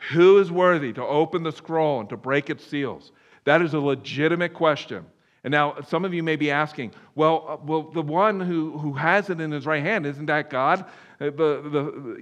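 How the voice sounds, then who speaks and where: Animated male preacher, rising and falling. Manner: animated, swings from loud emphatic bursts to hushed low passages, many restarts. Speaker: pastor. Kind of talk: sermon. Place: church room.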